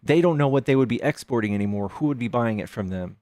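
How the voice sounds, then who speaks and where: A man's voice: mid-range voice, lively intonation, fast talker, a little mellow, dry recording. A man hosting a live debate stream, arguing hard, swearing and firing off rhetorical questions. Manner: argumentative, profane, fires rhetorical questions.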